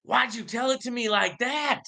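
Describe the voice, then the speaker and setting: Man doing a high, whiny, upset cat owner, bright sharp tone, wailing complaints. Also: moderate pace. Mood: whining. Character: distraught man wailing over his dead cat.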